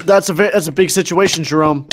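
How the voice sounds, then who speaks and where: A man's voice: on the high side, fast, a crowd in the background. A young man chatting casually with a friend while they play a game, whiny and playfully dramatic. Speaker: gaming co-player. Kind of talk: casual gaming chat.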